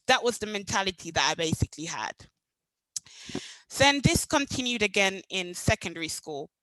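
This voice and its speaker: A young adult woman from Jamaica with a Jamaican accent, telling her own story at a meetup in an animated way. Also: mid-range voice, normal speed, dry recording, low-quality recording. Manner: animated, acts out past dialogue. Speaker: meetup speaker. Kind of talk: personal storytelling talk.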